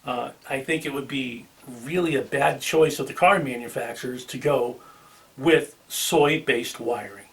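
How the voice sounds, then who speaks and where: A man's voice: medium pitch, unhurried, a bit bright, recorded from a distance. Boston-accented man talking cars. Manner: chatty, with filler ums and restarts. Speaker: car channel host. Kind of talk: casual talk to camera.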